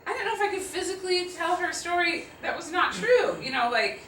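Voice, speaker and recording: A woman in her fifties, a guest speaker answering audience questions, telling stories in an animated, laughing, self-deprecating way. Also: very high-pitched, fairly quick, a little hiss or hum. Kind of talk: live audience Q&A storytelling. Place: auditorium with audience. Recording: roomy hall sound from a distant mic.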